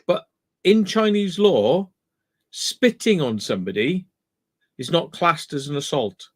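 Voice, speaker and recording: A man, telling a story in a casual chat as a guest calling in, animated and swearing freely. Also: on the high side, a little slow. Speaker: guest on call.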